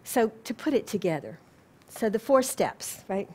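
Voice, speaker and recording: A woman with a Southern US accent giving a gentle, unhurried spiritual lecture to an audience, with a self-deprecating touch. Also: mid-range voice, sing-song, slight background noise. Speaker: speaker.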